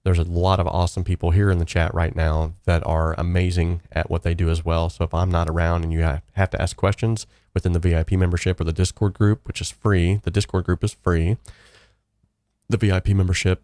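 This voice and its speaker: A man's voice: low-pitched, darkish tone, dry recording, studio quality. A young man hosting a casual live stream, telling stories in a rambling way with many fillers and restarts. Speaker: host. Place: home studio.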